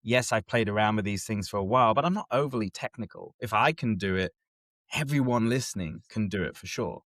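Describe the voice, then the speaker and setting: A man's voice: lowish voice, a little fast, no echo. A man hosting a casual chat, explaining step by step and often checking that his co-host is following. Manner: animated, keeps checking in with listener.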